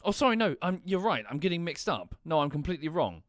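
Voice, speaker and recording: A man's voice: on the high side, very animated, fast, no room sound, studio quality. A man streaming a game, thinking aloud as he plays, apologizing and correcting himself along the way. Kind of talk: casual gameplay commentary.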